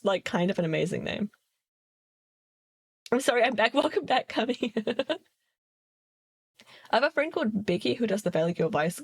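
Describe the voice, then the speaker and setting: A woman's voice: fairly high pitch, husky. A woman streamer chatting casually with her viewers, playful and giggling often between phrases. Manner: playful, chatty, reads chat aloud.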